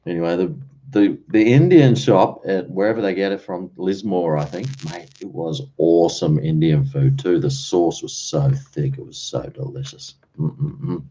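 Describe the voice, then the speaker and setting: A man's voice: sits low, moderate pace, gravelly, dark tone, a little hiss or hum. An Australian man hosting a late-night livestream, rambling in an easygoing way and chuckling between thoughts, on dull lo-fi stream audio. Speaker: livestream host.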